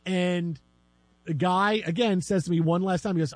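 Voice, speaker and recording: A man's voice: sits high, normal speed, dry recording. A man hosting sports radio, telling a story with lots of energy and acting out the people in it. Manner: animated storyteller, acts out shouting fans. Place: radio studio. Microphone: studio microphone.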